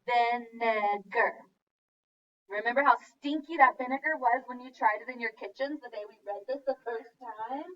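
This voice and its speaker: A woman teacher leading a young class's writing lesson, speaking clearly and encouragingly as she sounds out words. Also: on the high side, fairly quick, hardly any pauses, distant mic, dull audio. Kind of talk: early-grade writing lesson.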